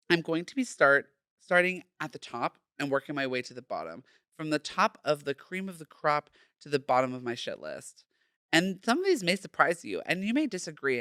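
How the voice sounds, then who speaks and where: A man's voice: on the high side, bright, forceful tone, no echo, clean studio sound. A man in his thirties hosting a casual solo podcast, sassy and playful, full of slang. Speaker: podcast host.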